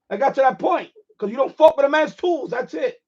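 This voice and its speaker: A man with a strikingly high voice hosts a ham radio live stream, talking casually. He rants with heavy swearing and hammers his points home by repeating them. The audio sounds dull and lo-fi. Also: fairly quick, a little mellow. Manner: profane, emphatic, repeats phrases.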